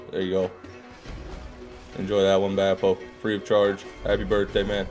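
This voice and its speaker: A man's voice: low-pitched, monotone, normal speed, long pauses, darkish tone, faint music behind. A man with a groggy morning voice hosting a live gaming stream. He chats casually, reads out viewer messages and swears when things go wrong.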